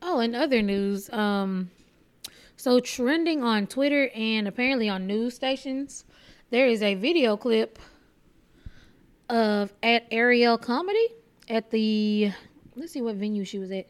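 Texas comedian lady going off on a podcast, cussing a lot, kinda high voice. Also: measured pace, clear, resonant tone. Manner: profane, blunt, animated storytelling. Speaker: stand-up comedian hosting a solo podcast. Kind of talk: casual comedic rant.

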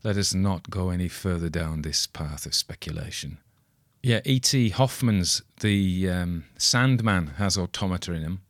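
A man's voice: low voice, a little slow, dry recording, studio quality. A middle-aged man, chatting in a rambling, wry, self-deprecating way about a story he has read. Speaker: audiobook reader commenting on a story. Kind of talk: rambling casual commentary.

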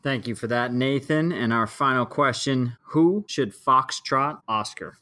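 A male host guiding a segment with polite, measured wrap-ups. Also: medium pitch, sharp tone. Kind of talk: podcast hosting.

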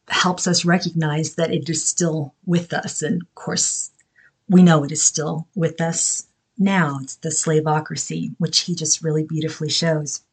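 A woman hosting a podcast, explaining thoughtfully and haltingly, with many fillers. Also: low voice, slightly rough. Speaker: podcast host.

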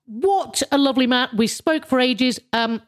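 A woman with a high voice hosts a show, recapping her episode at a normal speed. Her casual recap rambles with a sardonic streak, full of fillers and restarts.

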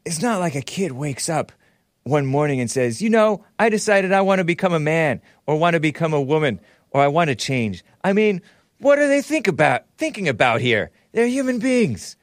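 Man impersonating an elderly male politician, halting, rambling, pitched up, lively swings. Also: no room sound, clean studio sound.

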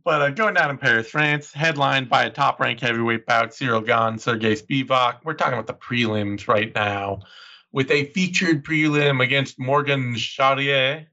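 Bright-voiced chatty podcast host man. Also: medium pitch, steady tone, normal speed, dull audio. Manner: chatty, jokey, laughs often. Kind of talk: casual podcast chat.

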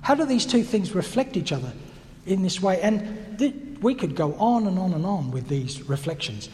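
A man with a high voice gives a thoughtful sermon, working through his points with questions to the congregation. His voice rings with the long reverb of a big hall. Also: lively intonation, moderate pace, dark tone. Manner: reflective, teacherly, with restarts and rhetorical questions. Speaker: preacher.

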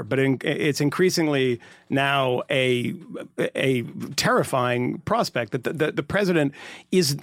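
A man co-hosting a casual political podcast chat, sardonic and rambling, swearing and filling pauses with "uh" and "you know.". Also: on the high side, no echo. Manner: rambling, sardonic, profane, lots of fillers. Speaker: podcast co-host.

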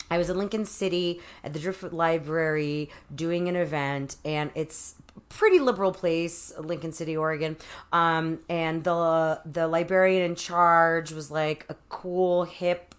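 In a low voice, a guest author on an interview tells stories casually and animatedly, acting out quotes as she goes. Her conversational storytelling is full of fillers and restarts.

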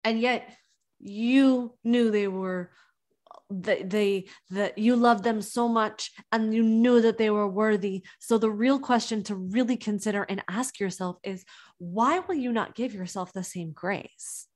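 A woman's voice: medium pitch, a little slow, a little mellow. Earnest woman giving coaching advice. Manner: earnest and encouraging, with emphatic restarts. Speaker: business coach. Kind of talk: motivational podcast monologue.

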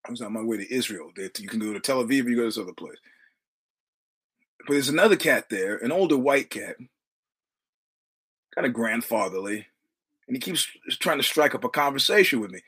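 A man's voice: mid-range voice, expressive, fairly quick, long pauses, a bit bright, slightly rough. A man hosting a podcast, telling a casual story with profane, repetitive, punchy delivery. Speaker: podcast host.

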